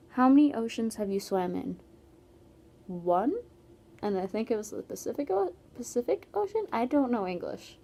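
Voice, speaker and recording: A woman's voice: a little high, mellow. A teenage girl from Canada, chatting casually in a Q&A vlog with many "like"s and trailing asides. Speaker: vlogger.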